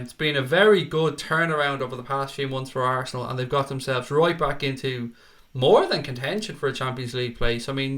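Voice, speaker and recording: A man's voice: medium pitch, fairly bright tone. A young man hosts a casual football live stream, reading out viewer comments and calling people mate and pal.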